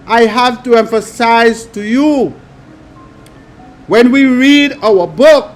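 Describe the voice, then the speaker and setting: A man preaching, reading scripture aloud and adding emphatic commentary in a slow, drawn-out delivery. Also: extremely high pitch.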